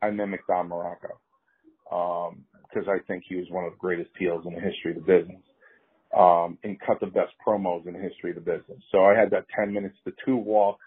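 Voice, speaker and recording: A low, husky man spins lively yarns, doubling back on his words and acting out what others said. His voice sounds thin and tinny, as if it comes over a phone line. He jumps between telling the story and playing the people in it. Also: fast. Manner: animated, repeats himself, acts out quotes. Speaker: former pro wrestler. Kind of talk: storytelling in an interview.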